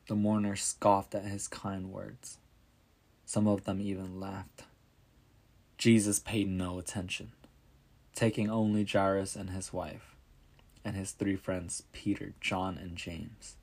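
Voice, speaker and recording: A male storyteller reads a scripted story in a calm, measured way. His low voice moves slowly and stays level, with little rise or fall. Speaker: narrator.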